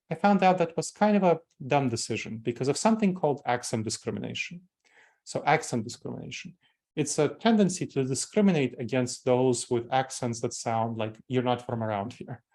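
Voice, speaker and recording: A man's voice: medium pitch, brisk, darkish tone. A man in his forties with a Moldovan accent, giving a training talk to company staff and explaining things step by step, repeating key terms for emphasis. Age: 40s. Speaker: corporate trainer.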